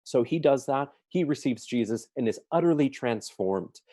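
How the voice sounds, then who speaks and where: A man's voice: medium pitch, animated, normal speed, warm tone, no echo. A man answering questions at a forum, telling a story earnestly with emphatic stresses.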